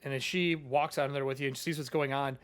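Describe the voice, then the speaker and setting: A man narrating a tabletop role-playing game as game master, animated and rambling. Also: mid-range voice, fast, faint music behind.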